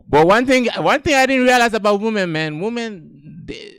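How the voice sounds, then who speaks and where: A Gambian man with a Gambian accent does a loose, profane stand-up set on an outdoor stage under string lights, laughing at his own jokes. His voice is high, smooth and a bit bright, with big pitch swings and a slightly slow pace. The recording is clean studio sound with no room sound.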